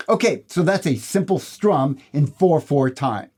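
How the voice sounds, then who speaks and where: A man's voice: a little high, expressive, a little slow, hardly any pauses, a little mellow, a little hiss or hum. A man giving a guitar lesson, explaining rhythm and counting the beats aloud in a friendly way. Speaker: guitar teacher. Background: guitar strumming.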